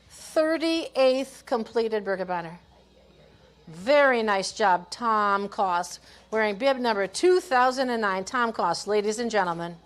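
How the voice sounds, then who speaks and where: A woman from Minnesota announcing skiers at a race finish line, calling each name and hometown with brief praise. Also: a little high. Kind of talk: live race-call announcing.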